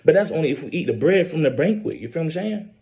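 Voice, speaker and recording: A man's voice: a little high, lively intonation, vocal fry. A man giving a rambling, preachy religious monologue, repeating himself, swearing and stumbling through scripture readings. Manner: reads scripture aloud haltingly. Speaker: self-posting religious speaker. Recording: dull lo-fi recording.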